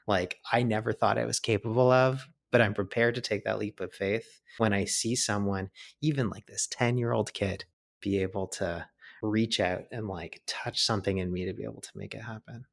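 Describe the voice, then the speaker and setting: A man's voice: on the low side, steady tone, moderate pace, vocal fry. A man, a podcast guest, telling a personal story in a chatty way, full of filler words. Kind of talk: storytelling in an interview.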